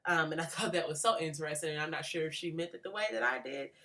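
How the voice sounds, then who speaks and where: With a deep, bright, forceful voice and a fast delivery, a graduate student in her late twenties gives a sincere reflection on a book for a class. She often restarts as she works through her ideas.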